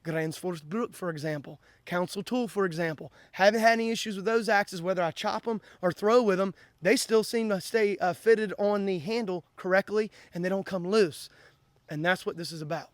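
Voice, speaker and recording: A man's voice: high-pitched, moderate pace, dry recording. A man hosting an axe-throwing vlog, talking bluntly and in a worked-up way to camera, often repeating the same catchphrase. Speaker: axe-throwing channel host. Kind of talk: casual vlog talk to camera.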